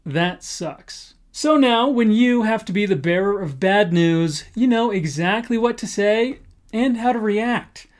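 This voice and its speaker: A man's voice: sits high, animated, a little slow. A young man teaching a casual English lesson, playfully acting out example phrases.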